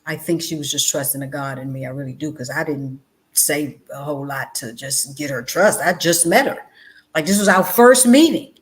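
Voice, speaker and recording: Over a video call, a middle-aged guest educator who used to be a chaplain shares stories with conversational passion at normal speed. She presses her points insistently, repeats phrases, and alternates between loud bursts and hushed, low passages.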